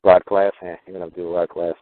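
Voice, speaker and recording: A man with a lowish voice hosts a call-in talk show. He jokes and riffs, playing with words as he goes. His voice comes through a tinny, dry phone line. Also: level tone, rapid-fire, dry recording. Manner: joking, riffing with wordplay. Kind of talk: casual call-in radio talk.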